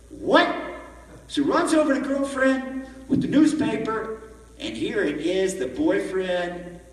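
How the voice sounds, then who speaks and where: High-voiced rabbi in an echoing hall. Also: male voice. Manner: animated, acts out the story in voices. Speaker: rabbi, conference speaker. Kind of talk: sermon with storytelling. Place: large conference hall. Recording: echoey hall from far off.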